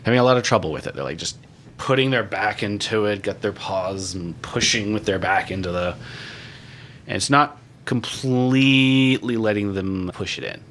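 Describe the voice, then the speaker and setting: A man's voice: fairly low pitch, moderate pace, fairly bright tone, a little hiss or hum. A man running a tabletop game as game master, describing scenes casually with fillers.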